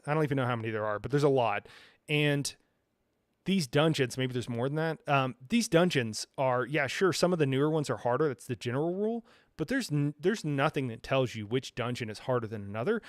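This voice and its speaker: A man's voice: medium pitch, no echo, studio quality. A man hosting a live stream, chatting casually about a game in a rambling way, full of fillers and frequent chuckles. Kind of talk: casual gaming reaction chat.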